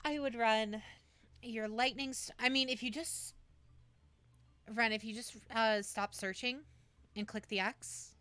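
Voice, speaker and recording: A woman's voice: a little high, steady tone, unhurried, long pauses, bright, forceful tone, clear, resonant tone, no room sound. A woman streamer in casual livestream chat, coaching a friend through building a deck, with many fillers and restarts.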